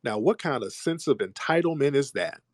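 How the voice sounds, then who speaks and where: A man hosting a call-in audio show, arguing forcefully with callers, repeating himself and cutting them off. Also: medium pitch, animated, moderate pace, dry recording, clean studio sound. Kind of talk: argumentative call-in talk.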